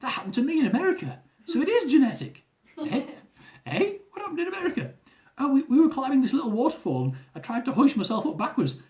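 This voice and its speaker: A man voicing his excitable adult sister, who tells a funny story quickly and eagerly. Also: very high-pitched, voice pushed up, heavily acted. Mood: excited.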